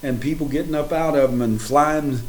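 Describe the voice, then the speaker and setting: A man preaching a sermon in a dramatic, folksy way, swinging from hushed to loud and speaking straight to his listeners. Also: on the high side, moderate pace, poor audio.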